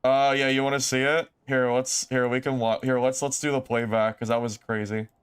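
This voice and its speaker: A man streaming a game, talking casually and exclaiming often in excitement. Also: mid-range voice, fairly quick, clean tone, no room sound, studio quality.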